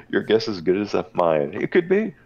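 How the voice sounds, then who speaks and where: A man's voice: on the low side, a little mellow, dull audio. A man co-playing a shooter on stream, chatting in a playful way and laughing easily. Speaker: co-player on stream. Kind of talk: casual gaming banter.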